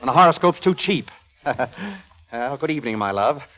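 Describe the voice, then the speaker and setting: An actor playing a dryly exasperated astronomer husband in a 1940s radio comedy, with sardonic quips. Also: male voice, medium pitch, expressive, moderate pace, a bit bright, close to an everyday voice. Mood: sardonic, giddy.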